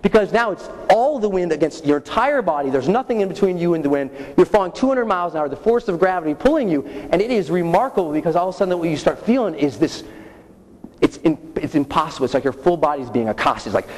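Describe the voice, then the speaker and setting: A man's voice: on the high side, fast. A young adult man, a motivational speaker, telling a comic story on stage and acting out screams and dialogue. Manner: animated, acts out screams and dialogue. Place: large hall with audience. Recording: echoey hall, faint noise.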